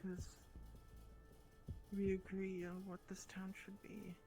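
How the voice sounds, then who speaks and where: A woman's voice: medium pitch, completely flat delivery, slow, warm tone, faint music behind, lightly acted. A woman playing a nervous suspect in a roleplay, stammering and hesitating under questioning. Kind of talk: in-character roleplay.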